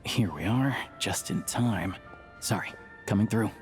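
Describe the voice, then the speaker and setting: An actor playing a calm, friendly young man who works at a theater, in a game. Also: fairly low pitch, unhurried, faint music behind, lightly acted. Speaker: game character.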